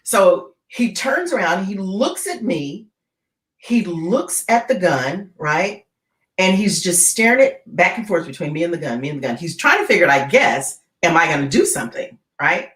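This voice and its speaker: A woman's voice: fairly low pitch, moderate pace. A woman who is a guest keynote speaker, telling a dramatic story in an interview and often checking in with "right?". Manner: animated, keeps checking in with "right?". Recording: roomy echo.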